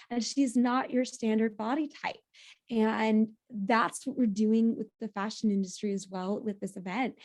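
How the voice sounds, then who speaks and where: With a voice on the high side, this female guest keeps a casual podcast interview lively. She laughs readily and frequently begins her sentences over.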